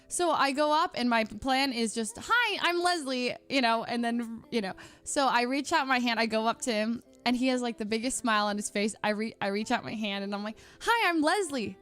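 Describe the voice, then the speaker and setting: High-voiced excitable young woman. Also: a little fast, hardly any pauses, clean tone. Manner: excitable, laughing, many fillers and restarts. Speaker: streamer. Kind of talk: casual storytelling.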